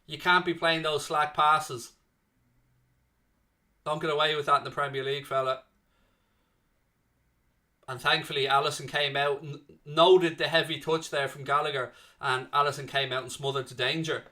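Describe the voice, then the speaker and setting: Slightly high-voiced and speaking at a normal speed, this young man runs a live fan watchalong. He gives excitable, chatty play-by-play and reads out viewers' chat messages in the gaps.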